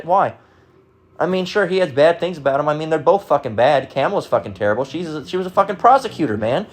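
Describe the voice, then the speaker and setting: An American man ranting at an ordinary middle pitch, heated and sarcastic, swearing often and stumbling over restarts. Faint music runs softly behind his voice. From United States. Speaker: vlogger. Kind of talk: casual rant.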